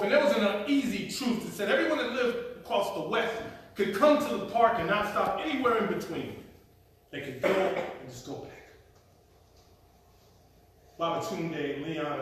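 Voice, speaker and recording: A man telling a comic story at a live storytelling performance, animated and acting out the scenes. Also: fairly high pitch, a little hiss or hum. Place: performance venue. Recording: echoey room, mic at a distance.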